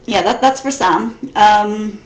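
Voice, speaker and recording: In an echoey room, a woman from Missouri in her thirties rambles through a relaxed vlog Q&A, often restarting what she's saying. Her mid-range voice moves slowly, and her American accent is mixed with English.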